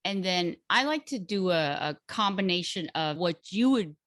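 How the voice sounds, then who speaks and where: A woman in casual chat, explaining a home recipe step by step in an unhurried, hesitant way with many fillers. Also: on the low side, lively intonation, fairly bright tone, dry recording, clean studio sound. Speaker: guest cook sharing a recipe.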